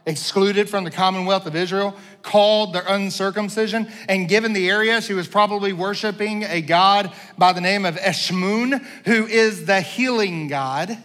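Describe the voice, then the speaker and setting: A man in the pulpit delivers an animated sermon in a high, bright tenor. He swings from fervent pleading to hushed, wry asides. His voice rings out with a long reverb through the church. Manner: animated preaching, swinging between loud pleading and quiet asides; self-deprecating humor. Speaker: pastor. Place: church sanctuary.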